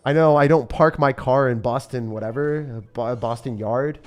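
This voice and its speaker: A young man commentating his own live game stream in a jokey, excitable way, bursting into shouts and laughter. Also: mid-range voice, moderate pace, a little hiss or hum. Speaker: gaming streamer.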